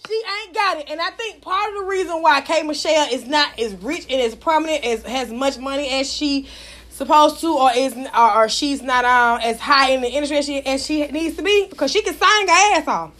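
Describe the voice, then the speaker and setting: Brash high-voiced woman gossip host. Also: brisk. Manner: brash, profane, animated. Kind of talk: casual celebrity gossip talk.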